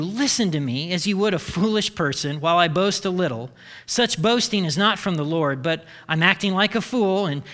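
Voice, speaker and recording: Guy pastor, fairly high voice, bright and sharp, chatty sarcastic sermon. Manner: conversational, acts out mocking complaints with sarcasm.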